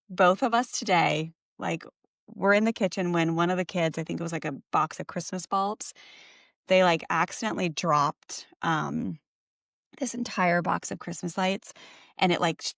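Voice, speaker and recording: A woman's voice: on the low side, vocal fry, a bit bright, no room sound, clean studio sound. A middle-aged woman co-hosting a parenting podcast, telling a story in a chatty, casual way with lots of fillers and self-corrections.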